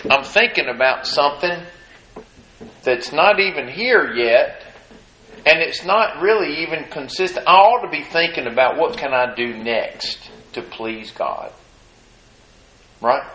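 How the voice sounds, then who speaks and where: A man preaching a sermon. He reads scripture in a measured cadence and asks the congregation folksy rhetorical questions. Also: mid-range voice, fairly bright tone, slight background noise. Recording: echoey room.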